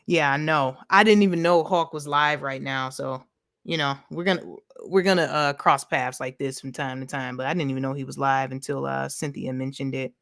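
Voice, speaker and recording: A woman's voice: extremely low pitch, gravelly, a bit bright, no room sound, clean studio sound. A woman hosting a casual livestream, chatting loosely, reading the chat aloud and leaning on "you know". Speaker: livestream host.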